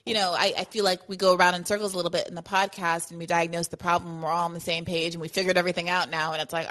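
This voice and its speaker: A woman hosts a call-in podcast, talking casually and quickly, laughing often and cutting herself off mid-thought. Her voice is on the low side and fairly bright, with little pitch movement.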